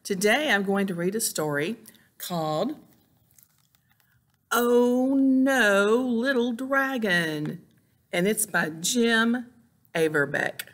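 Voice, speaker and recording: A woman reading a picture book aloud to children as a librarian, animated, exclaiming and making sound effects. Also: a little high, slow pace, long pauses.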